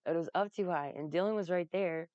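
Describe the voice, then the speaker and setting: A woman's voice: on the low side, quick pace, darkish tone, no echo, highs cut off. A woman telling casual, rambling stories, laughing often and swearing freely. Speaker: vlogger recounting a comedy festival. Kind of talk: casual storytelling.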